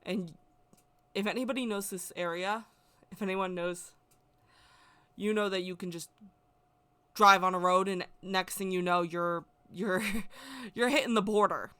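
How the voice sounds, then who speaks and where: A woman's voice: medium pitch, a little slow, long pauses, a bit bright, clear, resonant tone. A woman telling a personal story in a casual, emotional, rambling way, often repeating herself. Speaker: spiritual vlogger.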